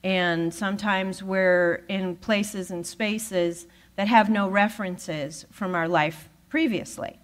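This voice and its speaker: A woman giving a talk at a spiritual center, telling a personal story with lively acted-out dialogue. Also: medium pitch, slow pace, few pauses. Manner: animated storyteller who acts out quoted voices. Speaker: guest speaker at a spiritual center.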